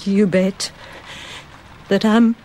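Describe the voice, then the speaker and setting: A woman playing a king's mistress who is changing into an animal, delivering a slow, brooding, poetic monologue in a husky voice. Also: medium pitch, fairly even intonation, mellow, slight background noise. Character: king's mistress turning into a beast.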